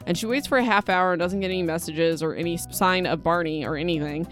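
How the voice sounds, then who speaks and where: A woman's voice: fairly low pitch, quick pace, a bit bright, soft background music. A young woman casually retelling a novel's plot as a podcast host, chatty and emotional, with lots of fillers and side comments. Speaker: podcast host recapping a book. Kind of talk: casual book recap chat.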